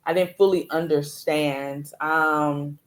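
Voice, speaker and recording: A woman, hosting a casual conversation and telling stories in a relaxed way. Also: low-pitched, slow pace. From Louisiana, USA. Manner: relaxed storytelling, frequent "like" fillers. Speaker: host.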